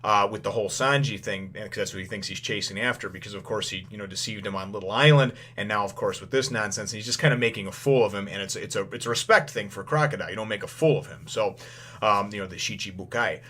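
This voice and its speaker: A man giving a casual first-impressions recap of a manga chapter, rambling with plenty of filler phrases and acting out lines in quick paraphrase. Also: fairly low pitch, bright, forceful tone, slightly rough.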